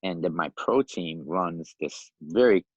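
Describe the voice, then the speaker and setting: A man in his fifties from Iran, a podcast guest telling his life story in a lively, animated way, often laughing and acting out the voices of other people. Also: sits low, unhurried, slightly rough, no echo, dull audio. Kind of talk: casual storytelling.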